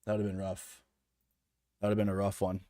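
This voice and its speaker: A man's voice: low-pitched, monotone, brisk, warm tone, dry recording, clean studio sound. A man giving casual, sarcastic reaction commentary on political news, rambling with frequent restarts.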